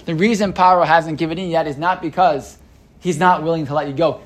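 A man's voice: a little high, fairly even intonation, fairly quick. A man leading a text study class, aloud and explaining them, thinking aloud with frequent restarts and "right?" checks to the group. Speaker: Torah teacher.

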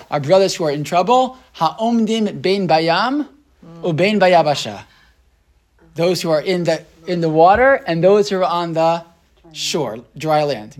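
American man, Torah teacher, lecturing a small class, rhetorical questions, thinks aloud. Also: on the high side. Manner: rhetorical questions, frequent "right?" checks.

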